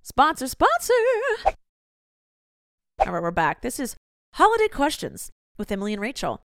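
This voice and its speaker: A young adult woman co-hosting a podcast in casual chat, joking and reacting quickly. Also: mid-range voice, huge pitch swings, creaky, fairly bright tone, no room sound, clean studio sound. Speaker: podcast co-host.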